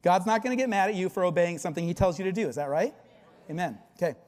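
A man preaching a sermon as a pastor, telling the story in an animated way and acting out its voices. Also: high-pitched, fast, long reverb tail.

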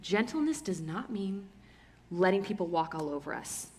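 Woman, calm measured teaching, sermon, hall reverb. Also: mid-range voice, breathy edge.

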